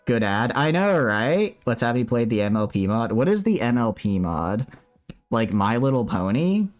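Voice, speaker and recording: A man's voice: lowish voice, a little mellow. A man streaming live from home, chatting casually and reacting to his chat while he builds a model kit.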